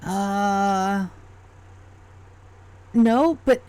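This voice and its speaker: A woman's voice: mid-range voice, very slow, darkish tone, clean tone. A woman voicing a timid small male goblin who has lost his cat, pleading and stammering.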